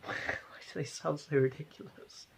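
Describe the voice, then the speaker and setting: A man's voice: fairly high pitch, flat delivery, unhurried, vocal fry, noisy background. A young British man chatting casually at home with his wife, amused and poking fun at himself. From Britain. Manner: amused, self-mocking. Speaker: husband with hiccups.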